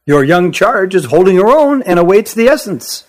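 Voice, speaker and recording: Man doing a lilting, high-voiced old cave craftsman. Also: sing-song. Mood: measured. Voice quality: musical, lilting voice. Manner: measured, turning cool when doubted. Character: calm elderly male cave craftsman, musical voice.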